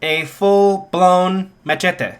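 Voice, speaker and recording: A man's voice: high voice, fairly even intonation, extremely slow. Rambling man telling a fan story. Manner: rambling, full of "like" fillers.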